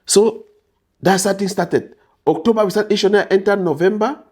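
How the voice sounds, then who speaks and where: A Cameroonian man with a Cameroonian English accent tells his story as an interview guest, his voice high-pitched and a little mellow at normal speed. It's animated storytelling, and he acts out the people he quotes, shifting his voice up and down.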